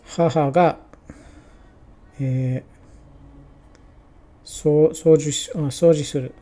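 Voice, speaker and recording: Halting man reading Japanese practice sentences. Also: fairly high pitch, steady tone, mellow. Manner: halting, sounds out Japanese slowly with restarts. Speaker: streamer. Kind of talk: casual live-stream Japanese study, reading aloud.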